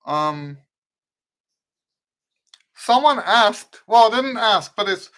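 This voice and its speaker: A man's voice: high voice, expressive, extremely slow, a bit bright. Middle-aged man, mixed Western Pennsylvania accent. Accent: mixed American, rooted in Western Pennsylvania. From eastern United States. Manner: rambling, often restarts and rewords sentences. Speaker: trumpet teacher and show host. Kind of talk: casual live Q&A lesson.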